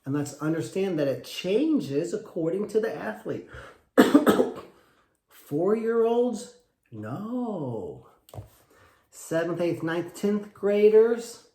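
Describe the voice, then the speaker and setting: A man's voice: sits high, big pitch swings, drawn-out words, dark tone, roomy sound. A man, a wrestling coach, giving emphatic advice and acting out short parent talks. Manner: acts out little parent dialogues, emphatic and repetitive. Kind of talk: animated coaching talk.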